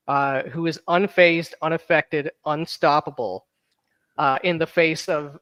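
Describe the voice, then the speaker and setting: Higher-voiced man rambling in casual chat. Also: fairly bright tone, no echo. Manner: rambling, halting restarts. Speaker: podcast co-host.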